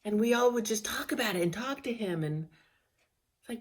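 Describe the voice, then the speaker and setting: A woman's voice: a little high, expressive, a little fast, breathy edge. A middle-aged woman telling a personal story in a casual vlog, candid and emotional, often restarting and trailing off mid-phrase. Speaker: vlogger.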